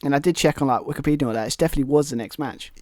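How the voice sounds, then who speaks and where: A man's voice: medium pitch, very fast, darkish tone, no room sound, studio quality. A British man co-hosting a wrestling podcast, rambling casually with lots of restarts and fillers. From Britain. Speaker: podcast co-host. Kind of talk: casual chat.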